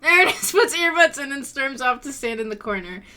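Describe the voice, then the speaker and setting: A woman's voice: high voice, animated, moderate pace, bright, forceful tone. A woman from the United States streaming, reading a visual novel aloud with friends, giggly and self-deprecating.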